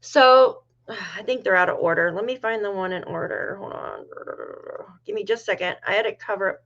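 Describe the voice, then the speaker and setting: A woman's voice: medium pitch, animated, moderate pace, gravelly, fairly bright tone, highs cut off. A middle-aged woman from New York hosting a casual livestream, chatting with viewers and reading their comments aloud. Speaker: livestream host.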